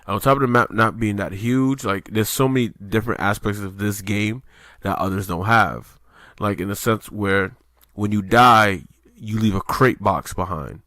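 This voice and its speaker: A man's voice: fairly low pitch, moderate pace, sharp tone, no room sound, clean studio sound. A man co-hosting a podcast in loose casual chat, rambling with lots of fillers and swearing. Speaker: podcast co-host.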